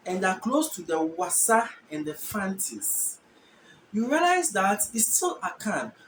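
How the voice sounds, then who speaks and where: A host from Ghana walks through a language lesson at a middling pitch. Words are said slowly and repeated while the speaker thinks aloud. The voice sits in an echoey room with faint background noise. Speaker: channel host teaching languages. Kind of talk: explanatory lesson on word comparisons.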